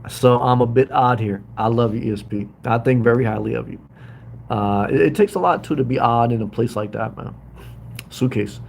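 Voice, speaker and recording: A man's voice: medium pitch, moderate pace, gravelly, a little hiss or hum. A middle-aged man hosting a casual livestream from a hotel room, rambling and greeting viewers by name as he reads their comments. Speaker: livestream host living in a hotel.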